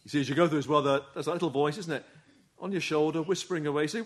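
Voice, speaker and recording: Male preacher, earnest sermon, slightly high voice, rhetorical questions. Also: racing.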